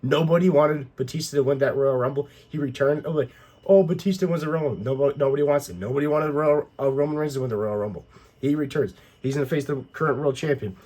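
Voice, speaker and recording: A man's voice: mid-range voice, fairly even intonation, quick pace, a little mellow, breathy edge. Rambling man recapping wrestling. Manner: rambling, fillers and restarts, exasperated complaints. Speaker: YouTube wrestling recap host. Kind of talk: casual recap and opinion.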